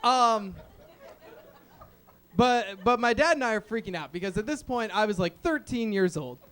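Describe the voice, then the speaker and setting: A man's voice: sits high, expressive, normal speed, a bit bright, clear, resonant tone, a faint crowd. A young man doing a rambling, self-deprecating stand-up set at an open mic, full of fillers. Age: young adult. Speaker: stand-up comedian. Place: small open-mic venue stage.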